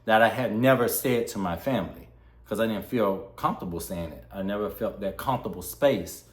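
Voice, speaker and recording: A man's voice: fairly low pitch, brisk. A young man vlogging a candid personal story, heartfelt and acting out the dialogue he quotes. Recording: roomy echo.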